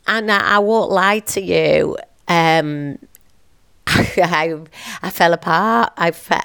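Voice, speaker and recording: A woman in her fifties, a business owner and teacher, speaking to camera in an emotional, halting, heartfelt way. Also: on the low side, gravelly, clean tone. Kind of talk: personal confessional vlog.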